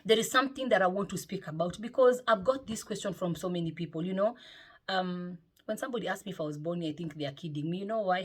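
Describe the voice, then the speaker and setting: Husky-voiced woman vlogging. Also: lowish voice. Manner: lively and chatty, with frequent "eh?" tags. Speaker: motivational vlogger. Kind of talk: casual chat to camera. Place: home, indoors.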